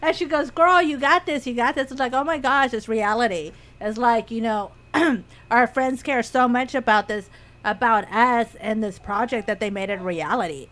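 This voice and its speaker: High-voiced woman telling animated stories. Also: moderate pace. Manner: animated storytelling, quotes others, laughs often. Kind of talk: casual radio chat.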